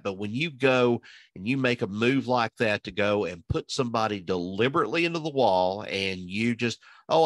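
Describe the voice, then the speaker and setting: A man's voice: fairly low pitch, a bit bright, dry recording. A man giving casual, rambling racing analysis, full of fillers and restarts as he thinks aloud. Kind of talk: casual podcast chat.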